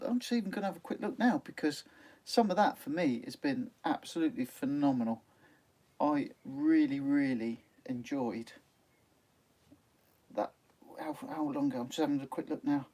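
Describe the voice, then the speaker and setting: This sea angling channel host chats his way through a live stream, reading out viewer comments, laughing often, and dropping plenty of ums. His voice sits on the high side with a darkish tone, captured on a phone microphone.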